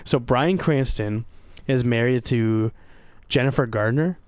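A young man co-hosting a casual podcast, an animated storyteller who slows down for emphasis and swears freely. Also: mid-range voice. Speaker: podcast co-host. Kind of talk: casual chat.

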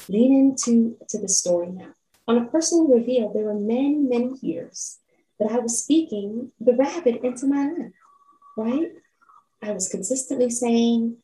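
A woman's voice: a little high, dark tone, distant mic. A woman hosting a motivational self-help podcast, who keeps checking in with "right?" and invites listeners to lean in. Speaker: podcast host. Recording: roomy echo, off-mic.

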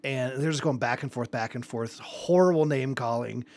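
A man's voice: mid-range voice, moderate pace, dry recording. A man, a podcast co-host, recounting vivid gaming stories in casual chat and laughing often. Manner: vivid, expressive storyteller who laughs often.

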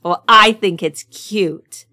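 A woman's voice: mid-range voice, takes it slowly, sharp tone. Giggly American woman, teasing. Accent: American English. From United States. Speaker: podcast co-host. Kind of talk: casual chat.

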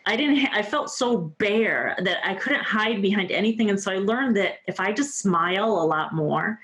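A woman's voice: mid-range voice, moderate pace, a bit bright. A woman in her fifties, a guest on an interview show, telling her own story in an earnest, heartfelt way with lots of "you know" and "like". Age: 50s. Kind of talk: candid personal storytelling.

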